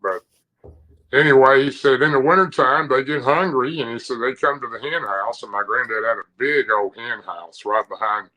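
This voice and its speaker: A man's voice: mid-range voice, moderate pace, sharp tone, rough recording. A man from Tennessee, telling a story casually in a rambling, vivid way with rural turns of phrase. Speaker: podcast guest telling an encounter story.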